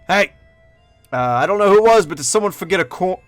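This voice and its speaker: A man's voice: mid-range voice, animated, brisk, fairly bright tone, no room sound, soft background music. A man voicing a careless, coarse male town guard with a casual, crude manner.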